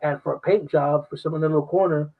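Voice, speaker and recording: A man co-hosting a casual podcast chat, halting and stumbling, repeating words as he works out his point. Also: a little high, fairly even intonation, gravelly, phone-quality sound. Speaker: podcast co-host.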